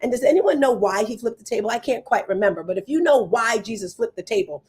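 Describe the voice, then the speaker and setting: A woman's voice: on the high side, expressive, fast talker, darkish tone. A middle-aged woman hosting a live online talk show, chatting in a conversational way and speaking straight to her audience and the chat. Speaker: host.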